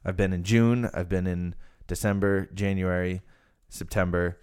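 A man's voice: deep voice, steady tone, moderate pace, a little mellow, clear, resonant tone. A young man from Rhode Island hosting a podcast, chatting casually and rambling with lots of fillers. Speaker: podcast host. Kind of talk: casual chat.

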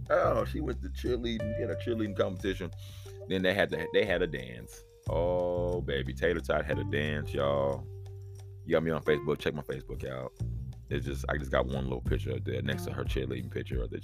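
Lively, profane man telling stories. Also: rumbling low, a little fast, soft background music. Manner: profane, animated, acts out quoted voices. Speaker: podcast host; father of daughters. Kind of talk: casual solo storytelling.

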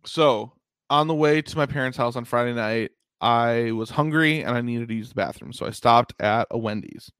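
Casting: man, mid-pitched, casual rambling storyteller, dry close-miked sound. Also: moderate pace, a bit bright, clear, resonant tone, no echo. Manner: rambling, full of "like" and laughs.

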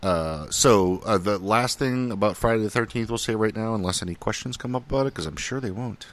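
A man's voice: lowish voice, fairly quick. A man from Minnesota co-hosting a casual podcast, rambling and profane, laughing often and filling gaps with "uh" and "um". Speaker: podcast co-host. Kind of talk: casual chat.

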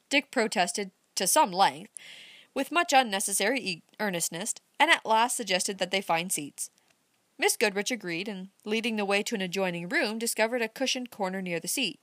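A woman reads a novel aloud as an audiobook narrator, delivering scripted narration in an expressive, measured way. Her voice is mid-range and the recording is dry.

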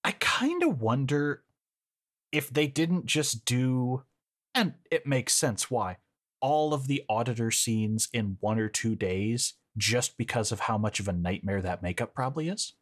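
A man's voice: medium pitch, a little slow. A man co-hosting a podcast, recapping a movie in a sardonic, laugh-filled casual chat. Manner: lively, sardonic, laughs often. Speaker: podcast co-host.

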